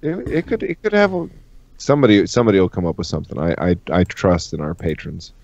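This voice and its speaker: Man, low voice, podcast co-host, joking, profane, muffled lo-fi audio. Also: huge pitch swings, quick pace, a little mellow, dry recording. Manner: joking, profane, ribbing his co-hosts. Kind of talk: casual chat on a livestream podcast.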